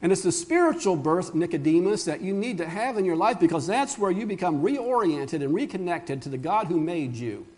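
A man's voice: high voice, lively intonation, fairly quick, few pauses, darkish tone. A middle-aged male pastor preaching a sermon in an earnest, conversational way, with asides and restarts.

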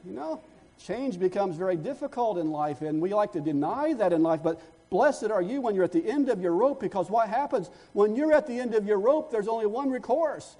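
High-voiced preacher, mellow tone. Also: male voice. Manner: builds in volume and pitch as stories peak; repeats words while searching for the next phrase. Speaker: pastor. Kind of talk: sermon.

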